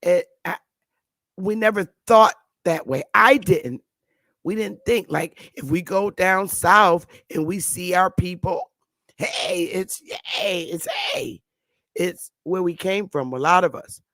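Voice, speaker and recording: A woman with a lowish, slightly bright voice speaks a little slowly, with no room sound in the recording. She's in her fifties, from the northern U.S., and addresses her YouTube audience in a loose, unscripted monologue full of fillers and restarts.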